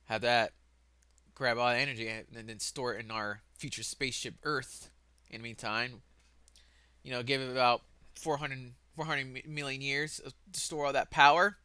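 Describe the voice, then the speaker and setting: A man giving a casual, rambling home-made lesson, correcting himself as he goes and sometimes bursting out loudly. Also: mid-range voice, clean tone, no echo. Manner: casual, self-correcting, laughs at own mistakes, sudden loud outbursts. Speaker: lesson presenter.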